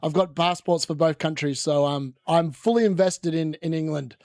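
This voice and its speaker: A young man with a fairly high voice talks through a live football watchalong, chatty and rambling as he reacts to the game. The sound is dry and close, with no room echo. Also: moderate pace, darkish tone. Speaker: watchalong host. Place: room at home.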